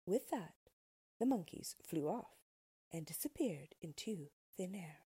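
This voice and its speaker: A woman's voice: lowish voice, lively intonation, unhurried, mellow, slightly rough. A woman reading a storybook aloud, narrating expressively and unhurriedly.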